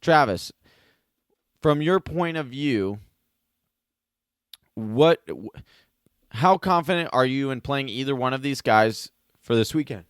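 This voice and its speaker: A man's voice: medium pitch, expressive, slow, pauses often, clean tone, no room sound, studio quality. A man co-hosting a fantasy football podcast in casual, joking chat. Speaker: podcast co-host.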